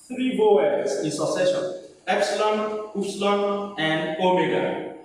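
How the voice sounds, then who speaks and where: A pastor teaching a lesson step by step, sounding out syllables one at a time, repeating them and half-singing them. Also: male voice, high voice, fairly bright tone, slight background noise. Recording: very echoey hall, mic far off.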